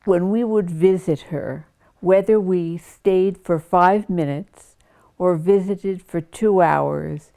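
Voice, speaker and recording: An older woman telling her family's story in a relaxed, good-humored way for a news interview. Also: fairly low pitch, takes it slowly, creaky.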